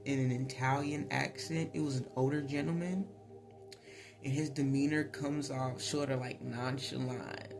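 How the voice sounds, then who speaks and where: A man giving a casual spiritual tarot reading, chatty, laughing often and filling pauses with ums. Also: medium pitch. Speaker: tarot reader. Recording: voice over clear background music.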